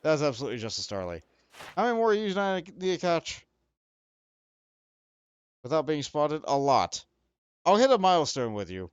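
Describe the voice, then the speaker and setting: A man's voice: a little high, big pitch swings, normal speed, long pauses, clean tone, no room sound, dull audio. A young man streaming a video game, rambling and poking fun at himself while he talks to the creatures on screen. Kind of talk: let's play commentary.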